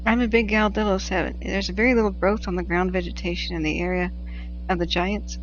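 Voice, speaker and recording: A woman's voice: mid-range voice, steady tone, brisk, highs cut off, slight background noise. A woman from the Pacific Northwest hosting a casual livestream, chatting, laughing often and reading viewer messages aloud. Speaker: livestream host tracking wildfires.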